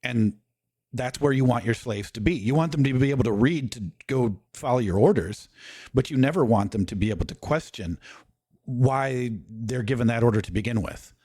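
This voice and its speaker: A man's voice: medium pitch, moderate pace, a little mellow, breathy edge, dry recording, clean studio sound. A man in casual talk, lecturing and walking through his points one by one.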